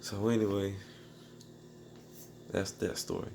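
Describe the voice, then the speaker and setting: A man tells a story in a loose, rambling way, piling up slang and restarting his sentences. His voice sits low and has a gravelly, creaky edge. A faint hiss runs under it. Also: little pitch movement, slow pace, darkish tone. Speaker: beatmaker telling a personal story. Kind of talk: casual storytelling.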